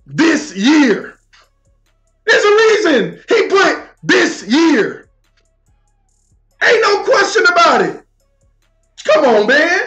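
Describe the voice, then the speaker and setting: Male livestream host, shouty and animated, reverberant room. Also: very high voice, drawn-out words, pauses often. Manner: animated, shouting, laughing, talks to chat. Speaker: livestream sports talk host. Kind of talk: heated casual livestream rant. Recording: echoey room with faint music.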